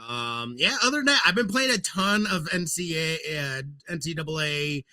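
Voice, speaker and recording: A man's voice: a little high, animated, normal speed, pushed and bright. A man co-hosting a gaming podcast, chatting casually and rambling with lots of fillers. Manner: rambling, laughs easily. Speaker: podcast co-host. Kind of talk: casual chat.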